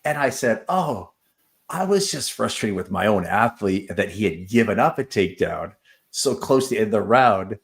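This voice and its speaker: A man's voice: on the low side, animated, moderate pace, gravelly. A man who is an assistant wrestling coach, talking casually in an interview and telling stories full of fillers and acted-out quotes. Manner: storytelling, acts out quoted exchanges, many fillers.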